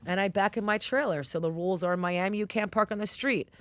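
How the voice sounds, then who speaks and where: A woman's voice: mid-range voice, fast talker, no room sound. A woman tells her stories with brash, streetwise energy. She is a chef talking in an interview. Her voice sits in a middle register and is recorded close and dry. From New York. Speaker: guest chef. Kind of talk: animated storytelling in conversation.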